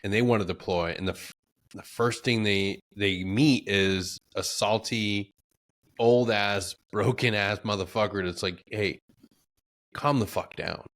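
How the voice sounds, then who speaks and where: A man's voice: lowish voice, measured pace. A man hosting a podcast, a veteran telling war stories in casual, profane chat. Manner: profane, animated storyteller.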